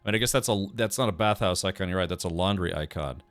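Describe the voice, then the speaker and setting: A man's voice: sits low, fast talker, fairly bright tone, soft background music. A man streaming a game, chatting casually, thinking aloud and answering his chat. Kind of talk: casual gameplay commentary.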